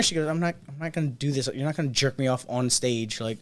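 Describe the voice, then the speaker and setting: A man's voice: mid-range voice, quick pace, hardly any pauses. A man co-hosting a podcast, telling a story in casual chat and acting out the people he quotes. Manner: animated, acts out quotes in other voices. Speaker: podcast co-host.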